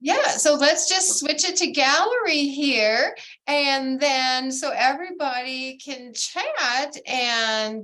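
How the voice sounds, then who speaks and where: A woman hosting a bead society's video meeting, bubbly and gushing, with lots of excited exclamations. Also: high-pitched. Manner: bubbly, gushing, keeps saying "oh my gosh". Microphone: video call.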